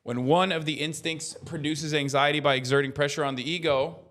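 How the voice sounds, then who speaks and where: A man streaming casual political commentary, profane and animated as he rants. His voice sits a bit higher than most men's. He sounds like he is in his thirties. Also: fairly quick.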